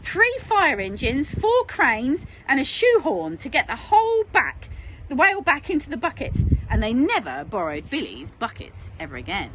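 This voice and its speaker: Reading aloud from a picture book for kids, this English-accented woman, who teaches primary school, uses a lively, sing-song delivery. Her voice sits high and moves at a normal speed, captured in a noisy home setting.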